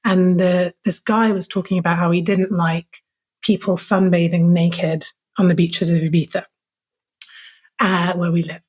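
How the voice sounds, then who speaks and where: A woman's voice: fairly low pitch, level tone, measured pace, darkish tone, slightly rough. A woman guest on a podcast, speaking casually and frankly about her own experiences, with many fillers of "like". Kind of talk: candid personal storytelling in conversation.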